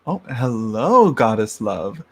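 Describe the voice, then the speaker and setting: A man's voice: medium pitch, big pitch swings, slow, fairly bright tone. A man hosting a casual tarot livestream, chatting in a rambling way, laughing often and greeting viewers by name, into a large microphone.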